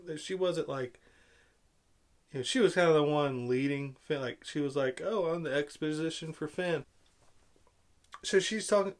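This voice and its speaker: A vlogger giving an angry film-review rant, sarcastic and exasperated, full of rhetorical questions. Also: medium pitch.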